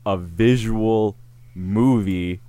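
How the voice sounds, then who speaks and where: A man's voice: on the low side, very slow, mellow, clean tone, dry recording. A man co-hosting a podcast in casual chat, joking around and laughing often. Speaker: podcast co-host.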